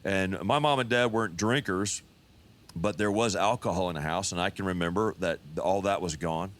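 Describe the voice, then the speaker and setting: A pastor in his fifties telling his life testimony in a relaxed, folksy storytelling manner. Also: deep voice, moderate pace. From Texas. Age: 50s.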